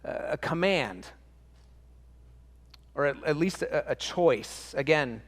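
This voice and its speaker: Male pastor, higher-pitched voice, earnest emphatic sermon delivery with restarts and repetition. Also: expressive, takes it slowly, long reverb tail. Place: church.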